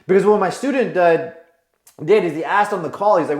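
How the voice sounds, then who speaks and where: A man's voice: high-pitched, fairly quick, a little mellow. A man giving advice as a coach, telling a client's story and pressing listeners with emphatic rhetorical questions. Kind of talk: advice monologue. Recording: roomy echo.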